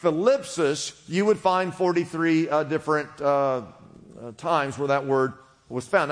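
Man, pastor, sermon, fairly high voice, long hall echo, teaching the congregation. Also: fairly even intonation, unhurried. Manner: teaching, asks congregation to repeat words.

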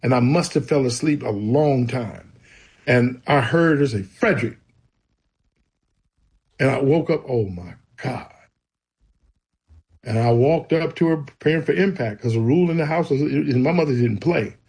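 A man's voice: medium pitch, a little fast, a little mellow, slightly rough. A man, a guest, earnestly telling his personal faith testimony in a conversation. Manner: storytelling, earnest and emphatic.

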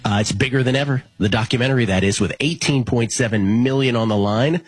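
A man's voice: medium pitch, quick pace, husky. A man hosting a sports betting talk show, talking in a casual, rambling way with restarts.

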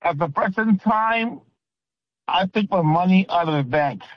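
A man's voice: high-pitched, expressive, unhurried, dry recording, muffled recording. A man calling in to a radio show, polite and a little hesitant as he asks his question. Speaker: caller. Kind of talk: phone-in question.

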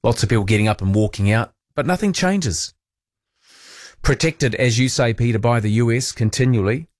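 Chatty New radio host, dry sound. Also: male voice, mid-range voice, normal speed, no echo. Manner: relaxed, chatty, reads listener texts aloud. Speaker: overnight radio talk host. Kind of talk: casual late-night radio chat. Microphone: studio microphone.

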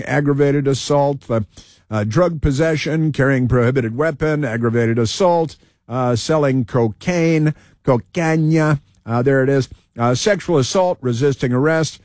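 A man's voice: medium pitch, a little mellow, no room sound, clean studio sound. A man hosting a talk radio show, giving sarcastic, combative commentary over news clips and repeating phrases for emphasis.

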